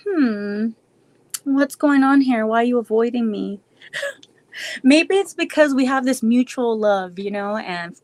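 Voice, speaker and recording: A woman live streaming a casual Q&A, answering chat in a rambling, reflective way with frequent restarts. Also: fairly high pitch.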